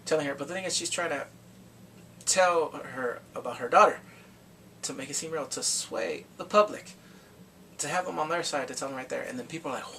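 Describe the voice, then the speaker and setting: A man recapping a TV drama in a casual vlog, chatty and excitable, acting out the scenes. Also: on the high side, fairly quick, far from the mic, a little hiss or hum, low-quality recording. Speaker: drama reviewer.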